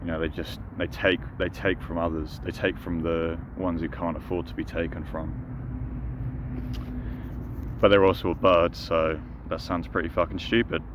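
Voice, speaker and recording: A man with a very low voice chats casually through an outdoor vlog by a pond, rambling from joke to joke. Traffic and street noise sit clearly behind him in the recording. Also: level tone, moderate pace. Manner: rambling, jokey, talks to the ducks. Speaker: vlogger. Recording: noisy outdoor street sound.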